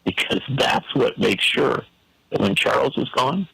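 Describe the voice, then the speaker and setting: A man's voice: medium pitch, expressive, measured pace, creaky, pushed and bright, slightly rough, no echo, rough recording. A man giving an emphatic, preacherly political commentary on a talk show, full of rhetorical questions.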